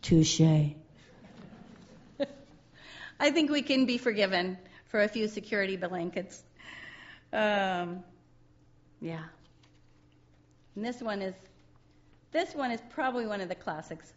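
A woman's voice: medium pitch, animated, slow, long pauses. Chatty woman preaching, lo-fi sound. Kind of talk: sermon.

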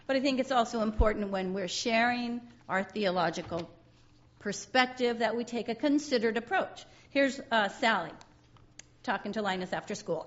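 A woman's voice: a little high, normal speed, dull audio. A woman giving a sermon in a chatty, conversational way, often breaking into laughter.

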